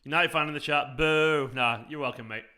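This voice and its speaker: A man's voice: medium pitch, fast, sharp tone. A young man hosting a live football watchalong, chatting casually, reacting to the play and greeting viewers by name. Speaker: fan channel host. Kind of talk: live match watchalong commentary, reading chat.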